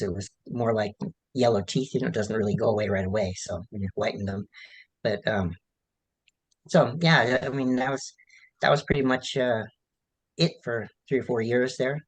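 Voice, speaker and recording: A man, an author being interviewed, answering in a halting, rambling way with many restarts and fillers. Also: on the low side, husky, rough recording. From United States.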